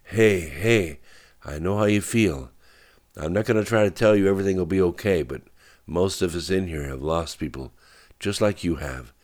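A man voicing a kind male nurse who speaks in a gentle, soothing way. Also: sits low, normal speed, close to an everyday voice.

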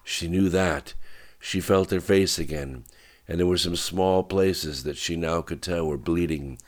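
A man narrating an audiobook in a measured, even storytelling manner. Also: sits low.

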